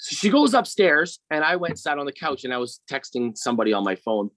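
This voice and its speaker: Earnest middle-aged man, slightly high voice. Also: animated, a little fast, fairly bright tone, no echo, poor audio. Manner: rambling, often checks in with "right?". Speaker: podcast guest. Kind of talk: personal storytelling in conversation.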